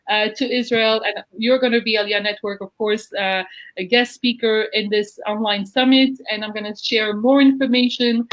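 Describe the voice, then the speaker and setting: A woman's voice: fairly high pitch, muffled recording. A woman hosting a live video-call interview, gushing and effusive in manner. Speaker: host of an online interview show. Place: at home in Jerusalem.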